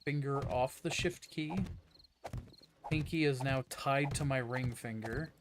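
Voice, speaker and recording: A man's voice: mid-range voice, unhurried, background noise. A man hosting a gaming show, chatting casually while he plays, rambling, restarting his sentences and laughing often. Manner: rambling and self-interrupting, with frequent laughter. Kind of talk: casual co-op gameplay chat.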